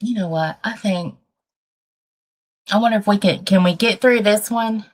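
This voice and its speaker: A woman hosting a casual livestream with a dry throat, talking bluntly and thinking out loud as she rambles. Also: mid-range voice, normal speed. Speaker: livestream host.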